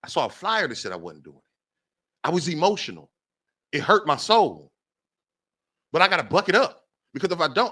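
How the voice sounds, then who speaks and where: A man's voice: a little high, sing-song, brisk, long pauses, bright, forceful tone. A man hosting a talk show, delivering an impassioned monologue and repeating phrases for emphasis. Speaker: podcast host.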